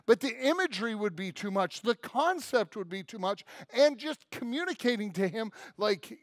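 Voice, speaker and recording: High-voiced animated male preacher. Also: no room sound, studio quality. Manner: animated storytelling, acting out voices of listeners. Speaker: pastor. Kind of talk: sermon.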